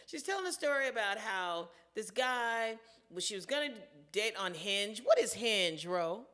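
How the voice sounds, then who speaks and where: Lively, bright-voiced middle-aged woman. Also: on the high side, normal speed. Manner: animated, laughing storyteller. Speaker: co-host. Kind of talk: casual podcast chat.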